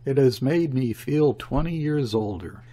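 A man voicing a gruff, overbearing ship's mate who speaks curtly and defiantly, in a storybook reading. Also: medium pitch, unhurried, a little mellow. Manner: curt and defiant.

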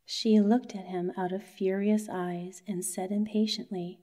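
A woman narrating a bedtime story for adults in a soothing, soft manner. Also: medium pitch, fairly even intonation, measured pace.

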